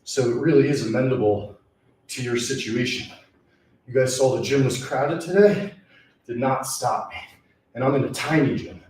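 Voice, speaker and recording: A man's voice: medium pitch, normal speed, long pauses, darkish tone, reverberant, a little hiss or hum. A young man chatting casually while working out in a small gym, sighing and out of breath between exercises. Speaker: fitness vlogger. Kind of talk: casual talk during a workout.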